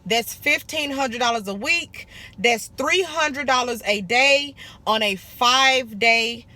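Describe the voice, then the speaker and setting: Bright, sassy woman vlogging. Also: fairly high pitch, slow pace. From Arkansas, USA. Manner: blunt, sassy, profane, calls viewers honey and baby. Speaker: esthetician vlogger. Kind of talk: casual business advice vlog.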